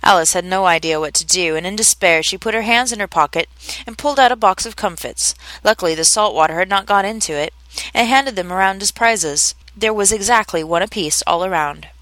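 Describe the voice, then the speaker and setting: A woman with a mid-range voice reads a classic children's story aloud, measured and expressive. There's no echo on the recording.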